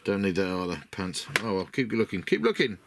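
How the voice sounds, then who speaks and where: The deep, steady voice belongs to a middle-aged British miniature modeler who talks fairly quickly. He rambles, chats and gently mocks himself while sorting parts, and his casual hobby vlog is recorded in a noisy workshop with clicks.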